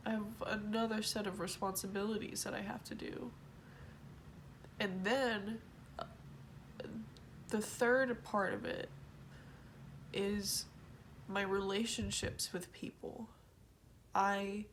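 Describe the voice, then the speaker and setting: A woman talking in a personal confessional vlog, halting and emotional, trailing off mid-sentence. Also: mid-range voice, fairly even intonation, a little hiss or hum. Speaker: vlogger.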